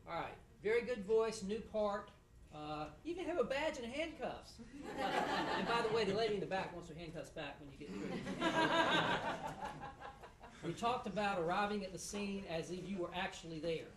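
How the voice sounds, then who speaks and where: A middle-aged man, a judge, giving halting feedback with dry humor to students after a mock trial in a courtroom. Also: high-pitched, expressive, heavy background noise. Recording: echoey room, voice from a distance.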